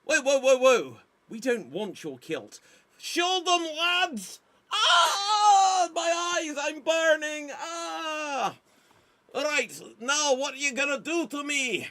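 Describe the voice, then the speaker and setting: A man voicing a boastful, crude male Scottish warrior chief in an improv comedy scene, in loud, blustering mock-Scottish tones. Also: very high-pitched, normal speed, few pauses, slight background noise, voice pushed up. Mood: defiant.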